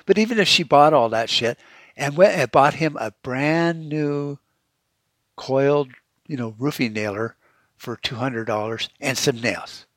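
A man's voice: medium pitch, unhurried, fairly bright tone, no room sound. A man hosting a podcast, ranting heatedly and sarcastically with constant swearing. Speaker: podcast host. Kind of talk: profane rant.

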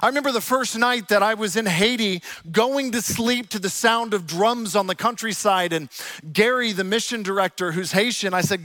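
A young adult man preaching a sermon, telling stories with lively quoted asides. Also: high voice, moderate pace, dry recording. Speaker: pastor. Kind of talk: sermon with storytelling.

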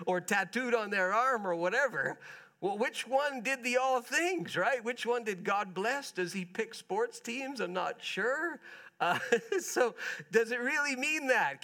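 High-voiced chatty male preacher. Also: pushed and bright. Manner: conversational, chatty with the congregation, asks them questions. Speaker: pastor. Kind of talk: sermon.

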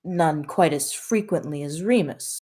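A woman's voice: deep voice, measured pace, warm tone, husky. A woman voicing a snide, arrogant young man in a tabletop game, speaking with condescension. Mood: sneering. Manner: sneering, condescending.

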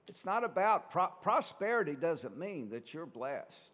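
A man's voice: on the high side, very animated, moderate pace, few pauses, fairly bright tone, in a large hall. A man, a priest, giving a conversational sermon full of rhetorical questions.

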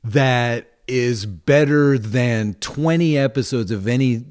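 A man co-hosting a podcast in casual chat, jokey and quick to laugh. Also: medium pitch. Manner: lively, jokey, laughs easily. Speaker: podcast co-host.

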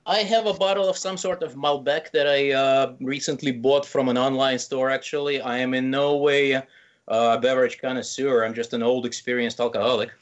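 A man's voice: mid-range voice, steady tone, a little fast, lo-fi sound. A man talking as a podcast guest, chatty and poking fun at himself. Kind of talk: casual chat.

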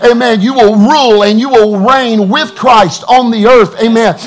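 A male pastor with a fairly high voice delivers a sermon into a microphone in a church. He teaches steadily, then climbs to loud, ringing proclamations. He keeps drawing replies from the congregation. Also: normal speed, soft background music. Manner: preaching that builds from calm teaching to shouted proclamation, with call-and-response.

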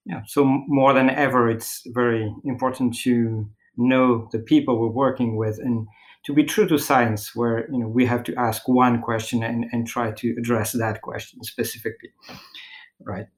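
A man's voice: medium pitch, fairly even intonation, normal speed, low-quality recording. A man interviewing a guest on a podcast, asking his questions hesitantly with fillers.

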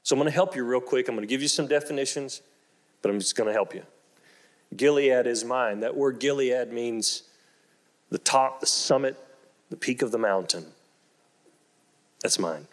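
A middle-aged man preaching a sermon, who moves from slow, low storytelling to loud, excited exclamations and repeats his phrases for emphasis. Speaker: pastor.

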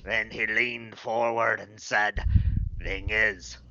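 A man reading a book aloud as a pirate, in a low, slow, half-hearted delivery. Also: fairly even intonation, bright, forceful tone, exaggerated voice. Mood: gruff. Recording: dull lo-fi recording.

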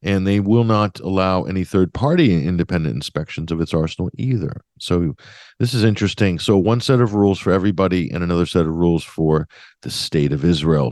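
A man's voice: low voice, lively intonation, fairly quick, darkish tone, dry recording, studio quality. A man hosting a radio talk show, giving opinionated commentary in a sardonic, emphatic way with mocking asides.

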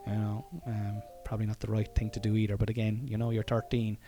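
A man's voice: lowish voice, completely flat delivery, a little fast, loud music behind the voice. An Irish man telling a personal story in a casual monologue, frank and profane, chuckling often and wandering into asides.

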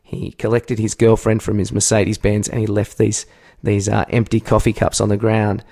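Australian male podcast co-host, low gravelly voice, lively storyteller who acts out his shouts. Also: normal speed. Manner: animated storytelling, acts out shouts, swears freely. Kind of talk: casual comedic chat.

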